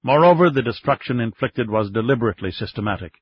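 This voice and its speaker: A grave minister confides his unease, as a man voices him. His tone is serious and a little husky. The recording is dry and dull. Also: mid-range voice, expressive, fast, dry recording. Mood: grave worried. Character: worried, grave male minister.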